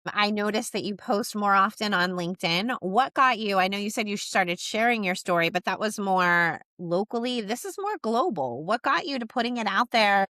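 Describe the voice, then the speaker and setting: A woman hosting a podcast interview, asking questions in a steady, encouraging way. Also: medium pitch, normal speed, hardly any pauses, dry recording, studio quality. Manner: steady, encouraging with frequent "mm-hmm". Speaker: podcast host.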